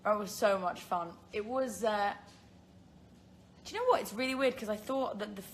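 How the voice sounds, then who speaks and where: A woman's voice: mid-range voice, moderate pace, slight background noise. Chatty giggly British young woman. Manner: chatty and giggly, rambling with many fillers. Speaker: live-stream host answering viewer questions. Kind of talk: casual live-stream chat.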